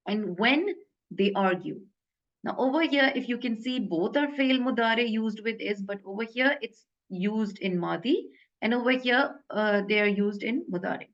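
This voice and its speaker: Woman, grammar teacher, casual and hesitant delivery, mid pitch, slightly muffled recording. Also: normal speed. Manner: hesitant, many fillers and self-corrections. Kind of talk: casual online lesson explaining grammar.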